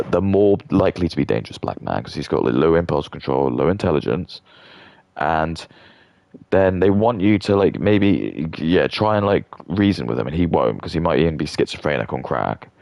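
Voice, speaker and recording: Deep gravelly British man ranting. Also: a little mellow, dry recording, studio quality. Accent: British English. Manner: stammering restarts, blunt and ranting. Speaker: streamer. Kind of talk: rambling casual rant.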